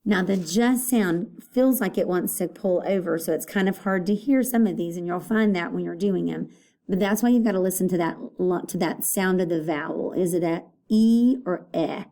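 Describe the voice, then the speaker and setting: A woman's voice: lowish voice, normal speed, warm tone. A woman teacher giving a recorded phonics lesson for young children, patiently repeating words to sound them out. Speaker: elementary school teacher.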